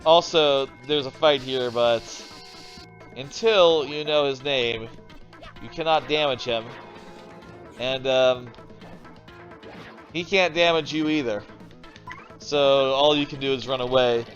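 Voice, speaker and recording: A man's voice: medium pitch, slow pace, long pauses, fairly bright tone, muffled recording, faint music behind. A man casually commentating a video game stream from his home desk, rambling and thinking aloud, swearing now and then. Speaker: streamer playing video games. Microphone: desk microphone.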